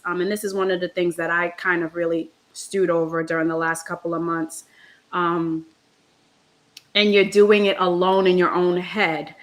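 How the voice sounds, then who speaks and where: A woman's voice: fairly low pitch, a bit bright. A woman hosting a casual heartfelt chat, talking in an earnest, reflective way with lots of ums. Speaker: host.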